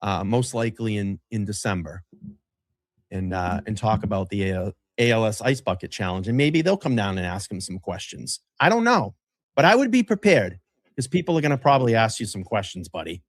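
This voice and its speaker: Animated heckling man on a podcast. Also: on the low side, fairly quick, no room sound, studio quality. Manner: animated, heckling, swears freely. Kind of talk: casual podcast chat.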